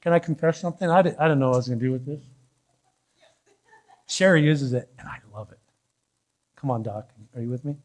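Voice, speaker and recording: A man's voice: mid-range voice, racing, a little mellow. A male pastor preaching a sermon in church, teasing the congregation and building to fervent calls.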